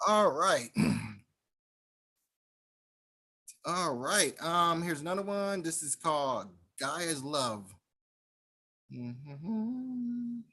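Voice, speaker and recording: Slow, measured spoken-word poet. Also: medium pitch, big pitch swings, sharp tone, breathy edge. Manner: measured, rhythmic recitation with searching pauses between poems. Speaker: open mic poet. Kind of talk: poetry reading. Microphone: video call.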